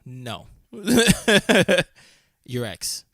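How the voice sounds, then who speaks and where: A man's voice: high-pitched, sing-song, very slow, creaky, bright, forceful tone, dry recording, studio quality. A man co-hosting a casual podcast chat, telling stories animatedly, laughing often and swearing casually. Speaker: podcast co-host.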